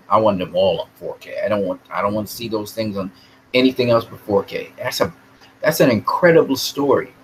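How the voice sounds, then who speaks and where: A man's voice: mid-range voice, slight background noise, low-quality recording. A man talking casually with his live chat about movies. He speaks in a rambling, opinionated way and often repeats words as he thinks. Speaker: live stream host answering chat.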